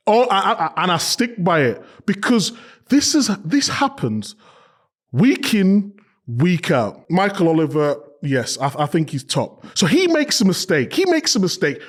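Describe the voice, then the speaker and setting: A man talking football on a podcast as a pundit, animated and emphatic, exclaiming in disbelief. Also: on the high side. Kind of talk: casual football chat.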